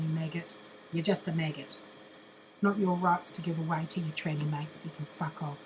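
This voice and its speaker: A woman's voice: lowish voice, a little mellow, a little hiss or hum, rough recording. Blunt profane older New woman. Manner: blunt, mocking, swears constantly, laughs often. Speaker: vlogger. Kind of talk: profane ranting monologue.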